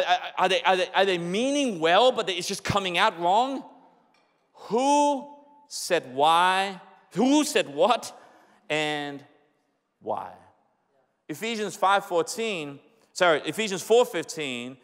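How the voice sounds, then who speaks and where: A young man preaching a sermon as pastor, animated and conversational, repeating his points with many rhetorical questions. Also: high voice, slow, pauses often. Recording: echoey hall.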